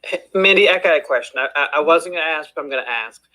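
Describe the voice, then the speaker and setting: Playful Southern man, bright and slightly high, teasing co-host. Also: quick pace, rough recording. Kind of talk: casual live audio chat.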